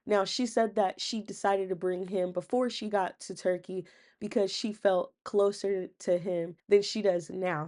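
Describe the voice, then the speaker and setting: A young woman with a slightly low voice talks through a reality show episode in a chatty, sassy way. Her slangy side comments keep the retelling loose and playful. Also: dark tone. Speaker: recap channel host. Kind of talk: casual TV recap monologue.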